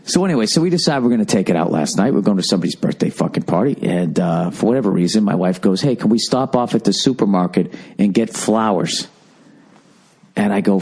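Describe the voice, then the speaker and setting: A man's voice: mid-range voice, expressive, fairly quick, darkish tone, husky. A podcast host rambling through a comedic monologue, a man swearing constantly and acting out both sides of his arguments in exasperated retellings.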